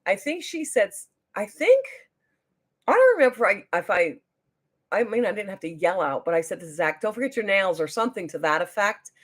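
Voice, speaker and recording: A woman tells a story on her livestream in a loose, rambling way. She often loses her place and restarts, then jumps into high, excited bursts when she quotes someone. It sounds like casual talk from home. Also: fairly quick. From New Jersey. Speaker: beauty vlogger.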